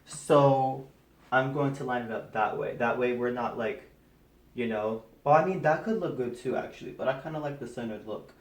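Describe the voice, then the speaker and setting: A man's voice: medium pitch, moderate pace. A man chatting casually to his phone camera while decorating his bedroom, rambling and self-deprecating with lots of fillers, a little out of breath. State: slightly out of breath. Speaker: vlogger. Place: bedroom, indoors.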